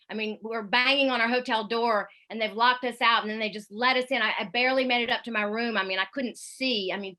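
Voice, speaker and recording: Woman, radio correspondent, bright storyteller on a video call, chatty with fillers. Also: a little high. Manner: lively anecdotal storytelling with fillers. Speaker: radio correspondent giving a talk. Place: home in Paris, at night.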